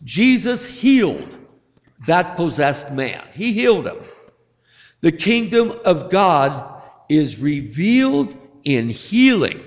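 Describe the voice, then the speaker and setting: A man's voice: on the high side, very animated, slow. A male pastor giving a sermon, telling stories and acting out voices with rising emphasis. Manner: storytelling preacher, acts out voices with rising emphasis. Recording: long hall reverb.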